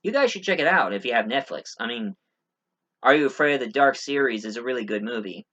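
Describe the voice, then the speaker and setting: Rambling man with a bright voice. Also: medium pitch, animated, quick pace. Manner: rambling, many fillers and restarts. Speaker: movie reviewer. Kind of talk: casual spoken movie review.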